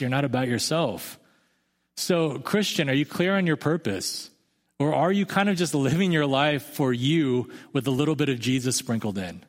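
Conversational pastor in a reverberant hall. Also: male voice, mid-range voice. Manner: conversational, self-deprecating storytelling. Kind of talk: sermon.

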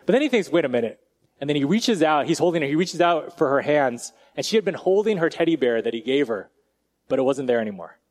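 Casual, slightly high-voiced male pastor. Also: lively intonation. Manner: casual and direct, drops to quiet, slow emphasis. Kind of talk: conversational sermon.

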